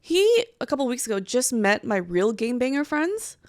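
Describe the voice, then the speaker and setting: A young woman in her twenties, co-hosting a casual chat and telling a profane, animated story with acted-out quotes. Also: fairly high pitch, normal speed, no echo, clean studio sound. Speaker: co-host.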